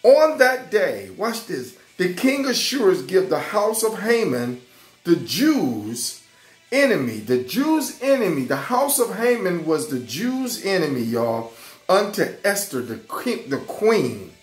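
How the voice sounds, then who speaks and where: A man teaching an excited Bible lesson to children, fervent and repeating his phrases. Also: high-pitched, slow, echoey room, faint music behind. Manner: fervent, repeats phrases, keeps saying "watch this" and "y'all".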